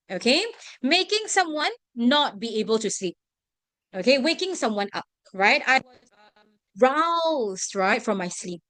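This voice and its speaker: A woman's voice: sits high, fairly bright tone, no echo. A young woman teaching an English vocabulary lesson to a class, often checking whether students follow. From Singapore. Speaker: English tutor.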